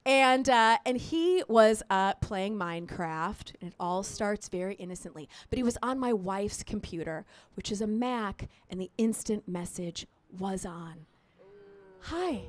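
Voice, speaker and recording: A woman's voice: mid-range voice, unhurried, hardly any pauses, slight background noise. A woman in her thirties performing a crude, chatty stand-up comedy set, checking in with the crowd again and again. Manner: animated, chatty, crude storytelling with frequent "right?" and "you know what I mean?". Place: live comedy show at a resort.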